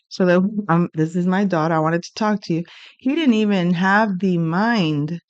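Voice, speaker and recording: A woman's voice: on the low side, normal speed, clear, resonant tone, no room sound, dull audio. A middle-aged woman telling a personal story in a casual monologue, blunt and profane, acting out the exchanges as she goes. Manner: blunt, profane, animated retelling.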